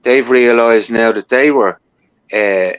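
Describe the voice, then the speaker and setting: A man chatting casually, speaking haltingly with many fillers and restarts. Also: mid-range voice, clean tone, dry recording, low-quality recording. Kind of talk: casual chat.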